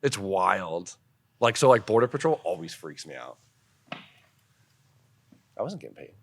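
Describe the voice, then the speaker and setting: A young man, a podcast guest, telling stories in casual chat, animated and laughing often, swearing freely. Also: deep voice, a little slow, vocal fry. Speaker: podcast guest, car builder and drifter.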